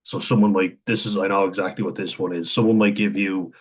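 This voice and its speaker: A man with a very deep voice talks through his thoughts in a loose, unscripted monologue. His tone is husky and a little breathy, and he chuckles often and pauses to think as he goes. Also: fairly even intonation. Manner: thinks aloud, frequent chuckles and ums. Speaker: vlogger talking about autism.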